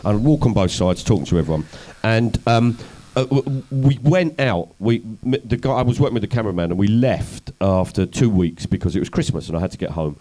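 Male guest, low warm voice, wry anecdotal storyteller. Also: expressive, brisk, few pauses, poor audio. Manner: anecdotal, wry, self-deprecating. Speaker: comedian and activist guest. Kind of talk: conversational storytelling interview.

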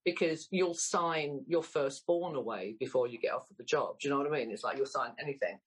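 A woman's voice: very deep voice, brisk, slightly rough, poor audio. A woman of around sixty with an English accent, an actress telling stories in a blunt, candid way as an interview guest. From England. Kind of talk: casual interview chat.

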